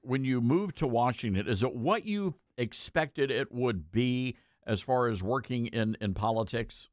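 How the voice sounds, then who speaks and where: A man's voice: mid-range voice, lively intonation, no room sound. Guy hosting a radio show, easygoing, lots of uhs, dry close mic. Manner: casual, folksy, halting with fillers. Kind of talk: conservative talk radio chat.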